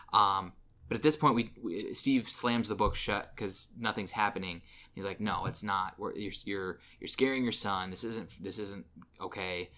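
A man's voice: lowish voice, sharp tone. A man co-hosting a casual podcast, retelling movie scenes with lots of ums and restarts. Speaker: podcast co-host. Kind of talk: casual film review chat.

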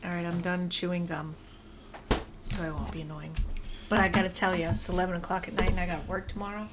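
A woman's voice: lowish voice, level tone, fast. Woman, nasal voice, dry teasing tone, casual podcast chat, noisy home recording. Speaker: podcast guest. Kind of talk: casual chat over drinks. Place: home, at night. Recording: home recording with clear background noise.

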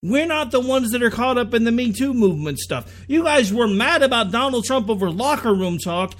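A man's voice: extremely high pitch, expressive, normal speed. A man hosting a podcast, ranting with sarcasm in political commentary. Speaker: podcast host.

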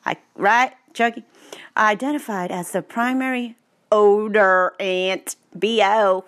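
A woman's voice: medium pitch, slow, a bit bright. A woman reading technical text aloud, with playful, sarcastic asides. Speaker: vlogger. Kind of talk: joking read-aloud commentary.

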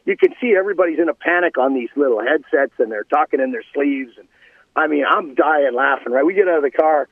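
A middle-aged man, a former hockey player, telling animated anecdotes in casual conversation. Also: fairly high pitch, brisk, dry recording. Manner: animated anecdotes, laughing, restarts. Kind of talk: casual storytelling. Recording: phone line.

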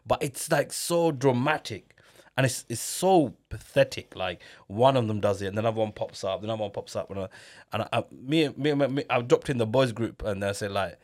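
A man hosting a podcast, telling stories in casual slangy chat with quick laughs. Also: lowish voice. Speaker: podcast host.

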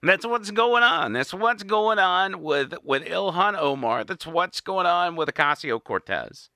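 A man's voice: high-pitched, animated, unhurried, sharp tone, dry recording. A man giving an indignant, sarcastic political monologue as host, recorded in a small studio. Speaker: political commentator. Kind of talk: opinionated monologue.

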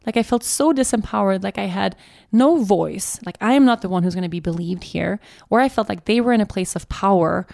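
A young adult woman hosting a podcast, telling a personal story in a halting way, often restarting and repeating herself. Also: medium pitch, creaky, a little mellow, dry recording, clean studio sound. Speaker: podcast host.

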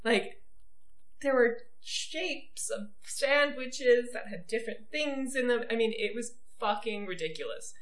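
A woman hosting a podcast in casual chat, enthusiastic and quick to laugh. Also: a little high, lively intonation, echoey room. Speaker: podcast host.

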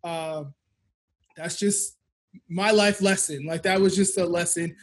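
High-voiced man telling candid stories. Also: steady tone, slow pace. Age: 30s. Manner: candid, reflective storytelling. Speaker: podcast co-host and business owner. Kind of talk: casual chat.

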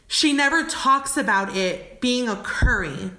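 A woman's voice: a little high, slow pace, few pauses, pushed and bright. A woman guest on a podcast, telling a story candidly, cursing often and laughing. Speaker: podcast guest, travel company founder. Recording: echoey room.

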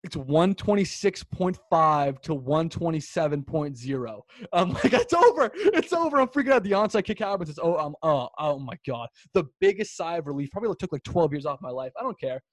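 A young man co-hosting a podcast, chatting about sports in an excitable, swearing, storytelling way. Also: on the high side, a little fast, few pauses, no room sound, clean studio sound. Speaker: podcast co-host. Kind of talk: casual sports chat.

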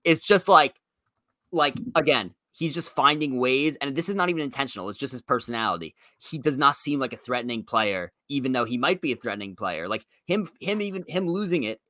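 Bright-voiced man rambling through a recap. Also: mid-range voice, animated, dry recording, clean studio sound. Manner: rambling, fills every pause with "you know". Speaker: podcast co-host. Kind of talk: casual recap chat.

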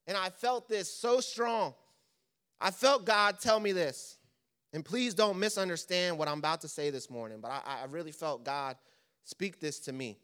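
Impassioned high-voiced male preacher. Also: a bit bright, clear, resonant tone. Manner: impassioned, rapid-fire rhetorical questions. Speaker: pastor. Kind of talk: sermon.

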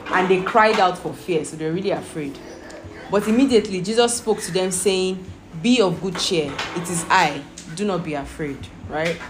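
Woman, Bible study teacher, patient explaining, asks questions, fairly low voice, music in the background. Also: normal speed. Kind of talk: reading scripture aloud and explaining it.

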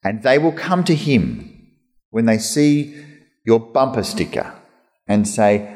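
Man, pastor preaching, animated pitch, chatty delivery, echoing hall. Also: unhurried. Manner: animated, conversational preaching with mock voices. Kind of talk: sermon. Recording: long hall reverb.

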